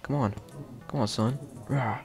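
A man casually narrating his own gameplay as the host of a game video, chatty and playful, with sudden excited shouts. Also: mid-range voice, a little slow, creaky, over music.

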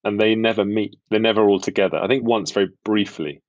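Wry low-voiced British man. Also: steady tone, quick pace, no room sound, lo-fi sound. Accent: British English. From England. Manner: self-deprecating, wry, dry humour. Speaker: actor guest. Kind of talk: relaxed interview chat.

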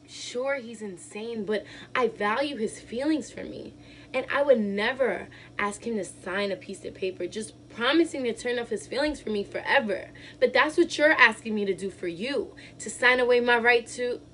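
A young actress playing an unraveling wife who laughs nervously through her divorce, her lines swinging from loud outbursts to hushed murmurs. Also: fairly high pitch, a little hiss or hum, poor audio. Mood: wistful, then desperate, pleading. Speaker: actress performing a monologue. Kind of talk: dramatic monologue.

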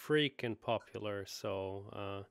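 A man co-hosting a chess lesson, lively and jokey, talking straight to the viewers. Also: on the low side, takes it slowly, clean tone, no echo. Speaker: show host.

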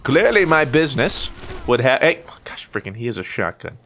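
An American man giving casual, excitable commentary over his own gameplay, full of sudden yelps and playful trash talk. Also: medium pitch, moderate pace, slight background noise. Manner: excitable, yelps and exclaims during fights. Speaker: gaming YouTuber.

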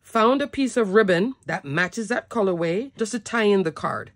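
A woman's voice: medium pitch, animated, normal speed, no echo, clean studio sound. Chatty woman demonstrating cardmaking. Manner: chatty, enthusiastic, often ends with "okay?". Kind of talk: craft product tutorial.

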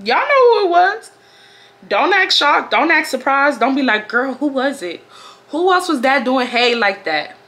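Lively, bright-voiced young woman from Houston. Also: high voice, moderate pace. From Houston, Texas. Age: 20s. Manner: animated, acts out quotes with big laughing outbursts. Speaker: vlogger. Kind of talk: casual storytime.

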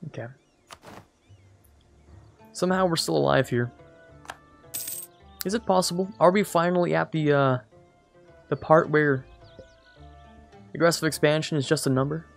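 A man's voice: on the high side, normal speed, creaky, pauses often, faint music behind. A man giving casual, rambling commentary on a strategy game as a let's play host, correcting himself and joking as he goes. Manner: rambling, self-correcting, jokey asides.

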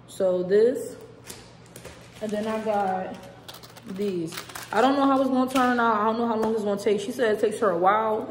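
A woman's voice: fairly high pitch, slight background noise. A young woman vlogging casually at home, chatty and rambling, full of slang. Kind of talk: casual chat to camera. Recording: echoey room with long reverb.

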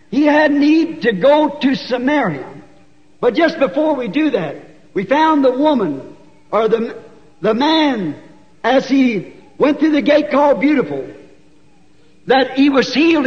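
Man, preacher, twang, folksy animated sermon, long church reverb, dull old tape. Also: extremely high pitch. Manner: folksy, animated, rising to shouts. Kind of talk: sermon storytelling.

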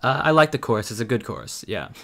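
A man's voice: medium pitch, expressive, over music. Sarcastic young man critiquing lyrics. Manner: sarcastic and critical, with quick asides. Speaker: YouTuber. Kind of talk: casual commentary on song lyrics.

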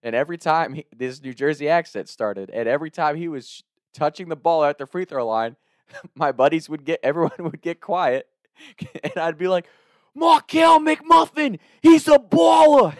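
A man's voice: fairly high pitch, animated, normal speed, dry recording, studio quality. Laughing, storytelling man from Kentucky. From Northern Kentucky. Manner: laughs often, loose and profane. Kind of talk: casual storytelling.

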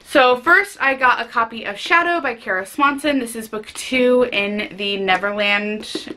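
A woman chatting casually and excitably about books she picked up, with frequent fillers. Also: mid-range voice. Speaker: book vlogger. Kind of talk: casual book haul chat.

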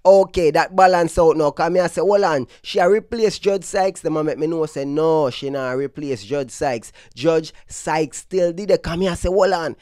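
A man from Brooklyn talks in a mixed Jamaican and New York accent, sliding between patois and street slang as he comments on dancehall news. His voice sits a little high and sounds dry and close to the mic. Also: normal speed, few pauses, darkish tone, no room sound. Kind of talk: casual commentary vlog.

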